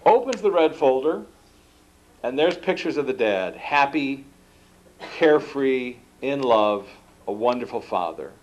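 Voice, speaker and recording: A man giving a book talk, telling stories in an animated way and acting out the dialogue. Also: mid-range voice, unhurried, dull audio, a little hiss or hum. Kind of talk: storytelling lecture. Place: lecture room at an institute.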